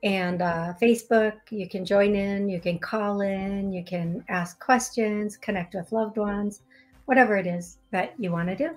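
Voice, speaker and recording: A woman's voice: mid-range voice, measured pace. Friendly woman guest on a talk show. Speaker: psychic medium guest. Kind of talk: casual talk show interview.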